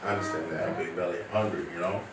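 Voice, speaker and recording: Joking lower-voiced man, echoey and distant. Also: fairly even intonation, very fast, heavy background noise. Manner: joking, teasing banter.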